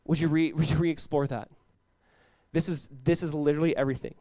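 Young male pastor, high voice, dry close sound, loose conversational sermon delivery. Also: a little fast, no room sound. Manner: casual, animated preaching with frequent "like" and laughs.

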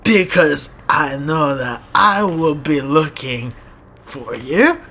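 A man voicing a sketchy Russian boyfriend with a scratchy voice and a Russian accent, drawn-out and shouting. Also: fairly high pitch, animated, exaggerated voice. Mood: menacing. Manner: drawn-out, shouty menacing delivery.

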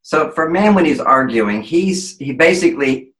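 A man lectures emphatically on relationships as an interview guest, his voice bright and fairly high for a man. Now and then he acts out quoted voices as he explains. The sound rings in an echoey room. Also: lively intonation, moderate pace.

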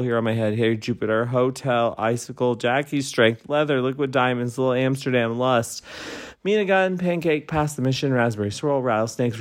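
Tipsy man rambling late at night. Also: mid-range voice. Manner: rambling, chatty, laughs often. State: tipsy from wine. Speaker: podcast host. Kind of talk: casual late-night monologue.

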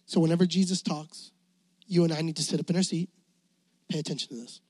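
A man preaching a sermon as youth pastor, impassioned and climbing toward near shouting. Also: a little high, steady tone, fast, pauses often, no echo.

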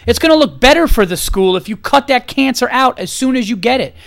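A man in his thirties with a high voice delivers a furious, profane podcast rant. He hammers his points over and over with emphatic, heated repetition. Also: lively intonation, fairly quick, vocal fry, fairly bright tone. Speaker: podcast host. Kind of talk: angry opinion rant.

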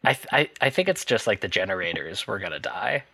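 Low-voiced man rambling about a movie. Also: very animated, fast talker, vocal fry, pushed and bright, breathy edge, dry recording. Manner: rambling, hesitant, laughs often. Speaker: podcast co-host. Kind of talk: casual movie chat.

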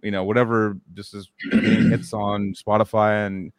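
Hesitant low-voiced co-host. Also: male voice, level tone, normal speed. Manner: hesitant, filler-heavy speech. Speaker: podcast co-host. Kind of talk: casual interview chat.

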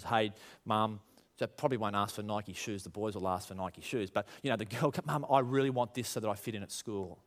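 A man preaching a sermon, animated and full of rhetorical questions, acting out quoted voices. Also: lowish voice. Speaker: pastor.

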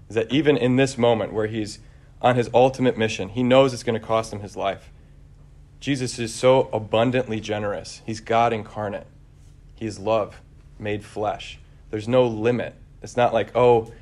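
A man preaching a conversational homily, relaxed and searching, with frequent fillers and restarts. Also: fairly low pitch.

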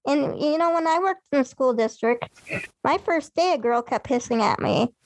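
A woman's voice: high voice, animated, moderate pace, dry recording, rough recording. A woman co-hosting a casual chat, talking in a blunt, matter-of-fact way.

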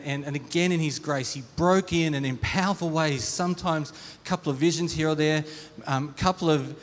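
A middle-aged man with a slightly high voice gives a heartfelt testimony from the pulpit. He stumbles and restarts often, repeating words as he searches for them. His voice rings with the long reverb of a church hall. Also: a little hiss or hum. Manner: earnest, halting, with frequent restarts and repeated words. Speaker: preacher. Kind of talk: sermon, personal testimony.

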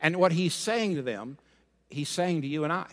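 Male pastor, sermon delivery, slightly high voice, bantering with the congregation, in a hall with long reverb. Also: normal speed. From Rhode Island and Florida. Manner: lively, joking, asks the congregation to respond.

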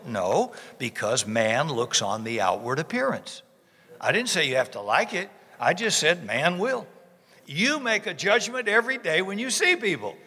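A man preaches in a bright, forceful voice with folksy emphasis, hammering repeated words for effect. His tone sits a little high for a man. The sound carries the long reverb of a church sanctuary. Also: big pitch swings, normal speed, husky. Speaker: pastor. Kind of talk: sermon.

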